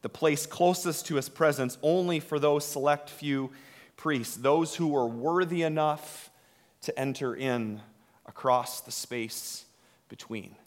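Slow, dramatic preacher man in a reverberant hall. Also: fairly high pitch. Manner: slow, dramatic delivery with hushed drops and swells. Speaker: pastor. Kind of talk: sermon.

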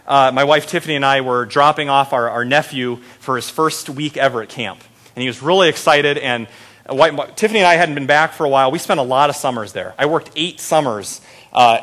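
Male preacher, thirties, storytelling sermon, slightly high voice, acts out dialogue. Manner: animated, acts out quoted voices with a raised pitch. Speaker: pastor.

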